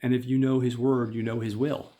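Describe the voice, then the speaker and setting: A man reading aloud and voicing elderly male synagogue elders who deliberate and question each other. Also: mid-range voice, level tone, mellow, close to an everyday voice. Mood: deliberating.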